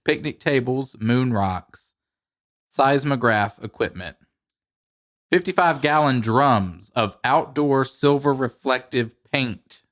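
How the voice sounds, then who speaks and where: A man's voice: medium pitch, lively intonation, slow, fairly bright tone. A man co-hosting a podcast in casual chat, laid-back and rambling, laughing between lines. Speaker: podcast co-host.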